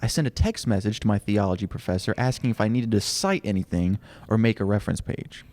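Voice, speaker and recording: A man with a fairly low voice reads listener mail on a casual podcast. He takes quoted lines slowly and deliberately. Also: darkish tone. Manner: reads letters aloud, slows down for quotes. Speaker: podcast co-host reading listener letters. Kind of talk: casual chat.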